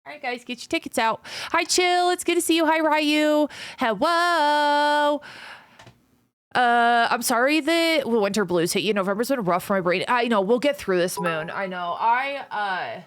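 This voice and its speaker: A woman's voice: on the high side, animated, measured pace, smooth, dry recording. Chatty woman streamer, dry sound. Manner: chatty, swears freely, greets viewers one by one. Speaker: live streamer. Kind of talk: casual chat with viewers.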